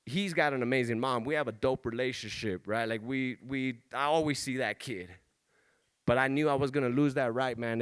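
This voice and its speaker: Raw, candid bright-voiced man. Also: medium pitch. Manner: candid, emotional, profane street talk, rising to urgent exhortation. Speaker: motivational speaker. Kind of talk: personal testimony talk.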